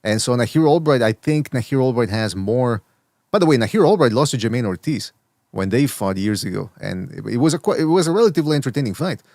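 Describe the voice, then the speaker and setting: A man hosting a boxing podcast in loose, rambling chat. He keeps stumbling into restarts and repeated words, at a medium pitch, and his voice sits close and dry with no room sound around it. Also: animated, quick pace, a little mellow, no echo. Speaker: podcast host. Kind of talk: casual boxing talk.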